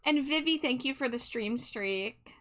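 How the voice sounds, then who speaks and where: A woman's voice: sits high, expressive, unhurried, fairly bright tone. A woman streamer chatting casually with her viewers while she draws, reading their messages aloud and laughing often.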